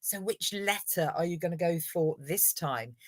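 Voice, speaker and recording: A woman's voice: fairly low pitch, a little slow, no room sound. A woman hosting a live online revision lesson, encouraging viewers and running a quiz. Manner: encouraging, upbeat, praises viewers.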